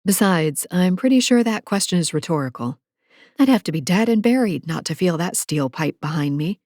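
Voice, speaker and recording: A woman's voice: lowish voice, lively intonation, normal speed, a little mellow, no echo, studio quality. A woman narrating a first-person romance novel with sassy, playful asides. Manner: sassy, playful asides, breathy whispers in intimate moments. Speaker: audiobook narrator. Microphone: close studio mic.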